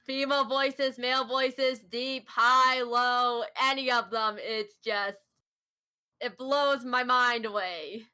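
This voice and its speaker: A woman hosts a casual chat with a fairly high, bright and punchy voice. She gushes with eager enthusiasm and giggles often as she praises someone she admires. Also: steady tone, takes it slowly, clean tone. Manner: enthusiastic, giggly fan talk. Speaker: host.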